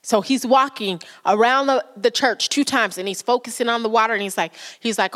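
A woman's voice: fairly high pitch, quick pace, hardly any pauses, a bit bright. A woman giving a sermon in church, speaking emphatically, repeating key lines and acting out quoted prayers and conversations. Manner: repetitive, emphatic preaching with acted quotes.

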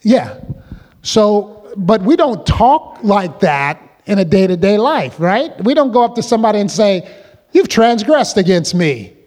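A man's voice: high-pitched, big pitch swings, a little slow, a little mellow, big-room sound. A man preaching a sermon as pastor, drawing the congregation in with call-and-response questions.

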